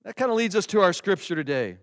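Conversational pastor in a reverberant hall. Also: male voice, high voice, very animated, fairly bright tone, smooth. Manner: conversational, with slow emphatic prayer recitation. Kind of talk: sermon. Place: church sanctuary.

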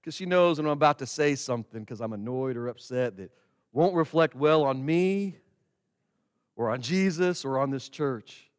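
A man preaching as a pastor, talking casually to the congregation and slowing to stress words when he recites a prayer. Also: mid-range voice, expressive, smooth. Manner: conversational, with slow emphatic prayer recitation. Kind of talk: sermon. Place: church sanctuary. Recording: long hall reverb.

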